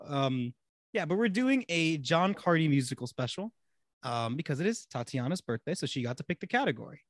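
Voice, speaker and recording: A man's voice: fairly high pitch, sing-song, fairly quick, no room sound, studio quality. A young man hosting a casual podcast chat, giggling often through his own jokes. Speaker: podcast host.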